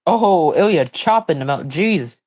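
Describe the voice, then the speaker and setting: Rambling, excitable man streaming commentary. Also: a little high, unhurried. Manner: rambling, with sudden excited outbursts and confused reactions. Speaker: livestream host. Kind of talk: casual live commentary on a wrestling broadcast.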